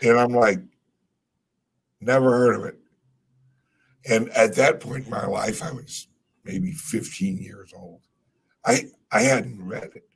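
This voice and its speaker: Slow, gravelly, very husky man. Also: lowish voice, fairly bright tone. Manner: rambling, trailing off and restarting, swears casually; laid-back storytelling. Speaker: podcast co-host. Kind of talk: casual chat.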